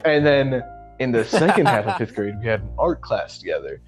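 A man's voice: mid-range voice, very animated, a little fast. Laid-back swearing young man telling a story. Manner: profane, laid-back storytelling, full of fillers like "man" and "you know". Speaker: podcast co-host. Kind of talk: casual storytelling chat. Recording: slightly muffled lo-fi audio with faint music.

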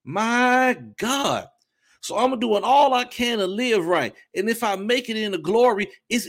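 A man preaching a fervent testimony sermon, with sudden loud bursts of praise between softer reflective stretches. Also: high voice. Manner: shifts between soft reflection and shouting. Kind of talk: impassioned sermon.

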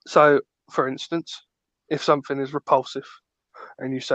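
A man's voice: a little high, animated, moderate pace, fairly bright tone, dry recording, highs cut off. A man co-hosting a podcast, ranting playfully in casual chat and acting out little scenes. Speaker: podcast co-host.

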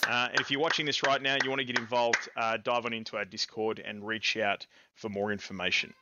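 A man in his thirties with an Australian accent, co-hosting a casual streamed gaming podcast in a rambling, excitable way. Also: fairly low pitch, fairly quick, dull audio, very noisy. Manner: rambling and excitable, with fillers and laughs. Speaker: podcast co-host.

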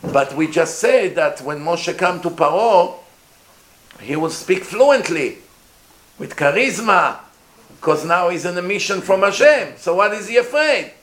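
Animated man, echoey room. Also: sits high, a little slow. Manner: animated, asks the listeners questions, acts out voices. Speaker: rabbi giving a Torah class. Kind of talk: informal Torah lecture to a live group. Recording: echoey room, faint noise.

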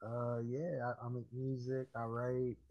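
A young man from Harlem talks as a guest in a casual chat, halting and full of fillers. His voice comes through a dull, lo-fi earbud mic. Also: mid-range voice, flat delivery, crowd noise. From Harlem, New York City. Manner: hesitant with many fillers and restarts. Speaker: podcast guest. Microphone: cheap wireless earbuds.

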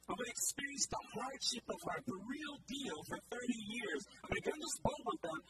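Animated preacher man, far from mic. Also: very high voice, brisk. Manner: animated, conversational, asks the crowd questions. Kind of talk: sermon. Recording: distant mic, loud background noise.

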